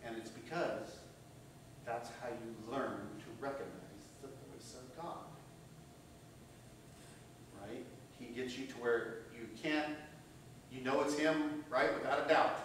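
A male pastor preaching a sermon, rising to loud emphasis and dropping to hushed tones, often asking "right?". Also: mid-range voice, takes it slowly, pauses often, recorded from a distance. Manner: asks the congregation "right?" often. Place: church hall. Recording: very echoey room, voice from off-mic, faint hum.

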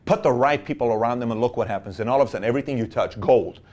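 A man's voice: medium pitch, racing, darkish tone. Male entrepreneur, motivational talk, punchy, rhetorical, sarcastic asides. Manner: emphatic, rhetorical questions, playful sarcasm. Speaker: entrepreneur giving business advice.

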